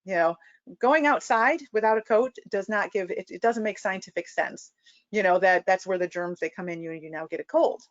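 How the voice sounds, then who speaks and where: A woman's voice: medium pitch, moderate pace, no echo, muffled recording. A woman clinician giving a conversational training lecture, full of fillers and restarts. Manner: conversational, many "you know" fillers and restarts. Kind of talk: recorded training webinar lecture.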